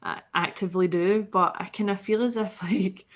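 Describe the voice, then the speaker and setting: A woman's voice: mid-range voice, fairly even intonation, moderate pace. A woman from Scotland with a Scottish accent, a guest in a casual chat who laughs often.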